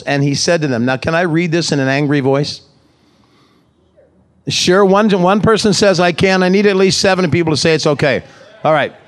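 Conversational pastor preaching to a congregation. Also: male voice, on the high side. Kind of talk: sermon. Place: church service.

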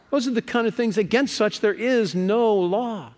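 A man preaching a sermon, lively and conversational, stammering on words and putting questions to the congregation. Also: high voice, normal speed. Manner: lively, repeats words when stuck, asks the crowd questions.

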